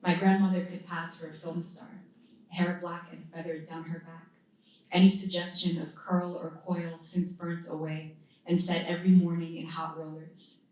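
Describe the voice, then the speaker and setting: Poet, woman in her thirties, low steady voice, live reading in a very echoey hall, heard from a distance. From United States. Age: 30s. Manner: measured, deliberate phrasing with pauses between lines. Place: indoor literary event venue.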